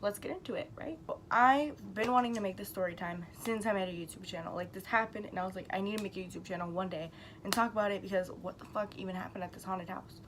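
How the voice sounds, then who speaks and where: Quick-paced and medium in pitch, a young woman YouTuber rambles through a casual storytime vlog, her mid-range voice backed by a faint hiss. She chats freely, leans heavily on "like," and drops casual swears.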